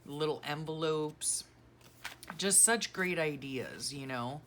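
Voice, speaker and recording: Speaking slowly in a low-pitched, fairly bright voice, a middle-aged woman vlogger sorts her craft keepsakes. Her casual decluttering chat is sentimental, gushing, and rambling, with slight background noise.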